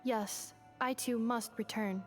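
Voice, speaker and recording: A woman voicing a dutiful android woman in a video game, speaking in a measured, formal way. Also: a little high, fairly even intonation, soft background music. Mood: earnest.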